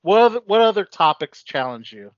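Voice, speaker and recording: A man co-hosts a casual interview and asks playful questions. His voice sits fairly high and moves up and down a lot. The audio is dry and muffled, with little room sound. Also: sing-song, brisk, no room sound. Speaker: podcast co-host.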